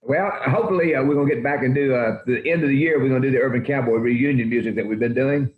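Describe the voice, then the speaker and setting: Fast-talking older man, folksy storyteller. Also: mid-range voice. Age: 80s. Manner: folksy, rambling anecdotes. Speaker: country music guest. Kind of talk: interview storytelling. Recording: roomy, dull lo-fi sound.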